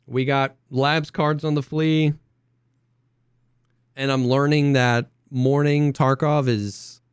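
A young man co-hosting a casual podcast, an excitable storyteller who acts out quotes in high voices. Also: takes it slowly, smooth, no room sound, studio quality. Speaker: podcast co-host. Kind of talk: casual chat.

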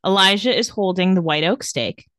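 A woman co-hosting a casual podcast, recapping a TV episode and paraphrasing its dialogue. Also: mid-range voice. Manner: animated, reads out dialogue in quick paraphrase. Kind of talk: casual chat.

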